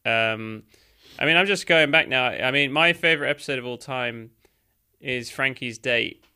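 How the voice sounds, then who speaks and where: A man's voice: medium pitch, normal speed, bright, forceful tone, clear, resonant tone. A man co-hosting a casual chat, talking enthusiastically and rambling with fillers. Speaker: podcast co-host. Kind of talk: casual chat reviewing a cartoon.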